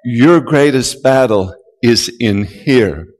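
A male pastor preaching a sermon, who builds to loud call-and-response and draws out key words. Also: medium pitch, slow. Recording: long hall reverb.

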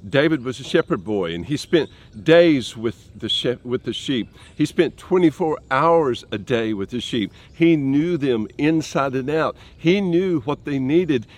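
A man preaching a sermon in a slow, earnest way, dropping soft and low and then rising for emphasis.

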